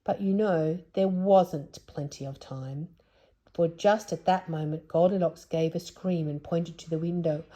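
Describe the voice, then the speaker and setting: A woman reading a children's story aloud in a gentle storyteller's voice. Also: lowish voice, fairly even intonation, a little slow. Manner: gentle, hushed at tense moments.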